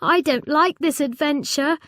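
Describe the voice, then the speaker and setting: A woman voicing a nervous, worried child in a children's storybook reading, sounding high and anxious. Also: a little slow, a bit bright, dry recording, clean studio sound.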